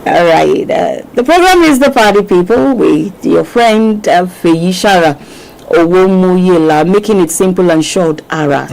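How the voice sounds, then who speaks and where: A Nigerian woman hosting a casual radio talk show, chatty and quick to laugh. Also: fairly low pitch, animated, creaky, a little mellow, low-quality recording. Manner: chatty, laughs often, mixes in Yoruba phrases. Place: radio studio.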